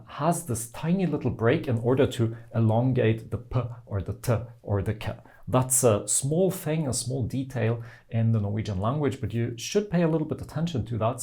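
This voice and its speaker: A man teaching pronunciation, explaining patiently and sounding out example words slowly. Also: mid-range voice, creaky, dark tone. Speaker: language teacher.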